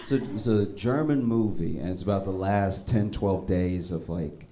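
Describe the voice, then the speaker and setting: A male stand-up comedian telling stories in a conversational way, breaking into animated, high-pitched rants. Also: measured pace. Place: comedy stage.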